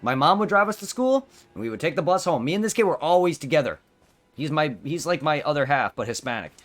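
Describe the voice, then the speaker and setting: A man's voice: a little high, big pitch swings, fast talker, fairly bright tone, faint music behind. A young adult man chatting casually while streaming a game, telling a long rambling story with lots of restarts. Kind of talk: casual chat while gaming.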